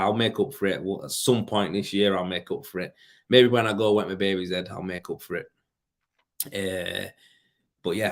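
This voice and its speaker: A tired man with a fairly low voice hosts a casual live stream and reads viewer questions aloud. He answers in easygoing, slang-filled chat and keeps calling people mate. He is in his thirties and talks like a worn-out working tradesman. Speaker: plasterer livestream host.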